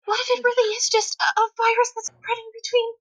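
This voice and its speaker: A woman's voice: very high voice, flat delivery, fast talker, no echo. A woman voicing an anxious peacemaking character in an amateur online audio drama, nervous and pleading.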